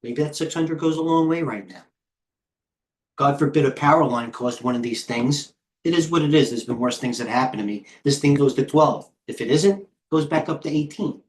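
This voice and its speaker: A man's voice: fairly high pitch, moderate pace. Rambling middle-aged man calling stock tickers. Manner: rambling, off-the-cuff, jumps between stock tickers. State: tired. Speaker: trading stream host. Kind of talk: live market commentary.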